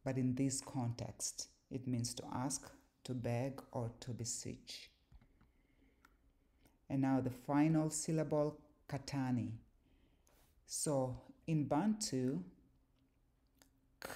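A woman with an extremely deep voice and a dark, mellow tone hosts her own teaching video. She speaks very slowly and deliberately, breaks words down sound by sound, and repeats key phrases with the odd "um" or "like.". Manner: spells out sounds syllable by syllable, repeats phrases, fillers "um" and "like". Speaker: channel host explaining word meanings. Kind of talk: slow deliberate teaching monologue.

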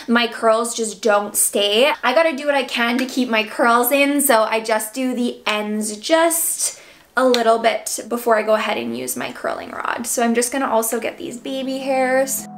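A young woman with a slightly high voice talks a camera through her hair routine at home, in a loose, chatty way with many fillers. She sounds a little out of breath as she goes. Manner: chatty, filler-heavy with frequent "like" and "um". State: out of breath, seven months pregnant. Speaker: beauty vlogger. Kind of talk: casual hair tutorial talk to camera.

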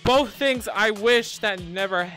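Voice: mid-range voice, slow, bright, forceful tone. A live streamer talking through a horror game on a headset mic, swearing freely and shrieking when startled. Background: game music.

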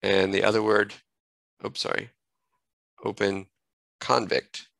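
A man giving a screen-recorded software tutorial, thinking aloud and correcting himself as he clicks through menus at a desk microphone. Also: lowish voice, steady tone, normal speed, dry recording, poor audio.

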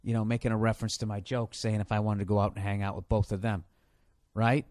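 A man hosting a podcast, telling a comic story in a profane, animated way. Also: on the low side, fast talker, no echo, clean studio sound. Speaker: podcast host. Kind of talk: comedic podcast rant.

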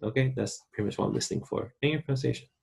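A man's voice: medium pitch, rapid-fire, gravelly, darkish tone. A man giving a casual, chatty recorded online Spanish lesson and talking straight to his students. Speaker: Spanish teacher.

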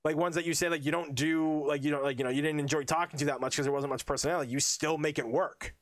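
A man with a Boston accent, a podcast guest chatting casually, animated and swearing freely. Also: a little high, fast talker, no room sound, studio quality. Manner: swears a lot, animated storytelling.

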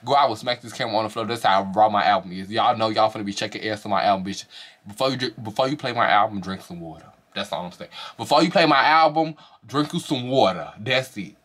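A man reviewing a reality show in a casual vlog, with animated, profane gossip and frequent swearing. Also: quick pace. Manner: slips into high, put-on falsetto for quoted reactions.

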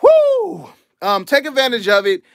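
Young male streamer, high voice, dry close mic, relaxed slangy delivery, thanks donors as he goes. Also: unhurried, no echo. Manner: laid-back slangy chatter, shouting out donors. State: out of breath. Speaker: sneaker channel host. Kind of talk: casual livestream show-and-tell.

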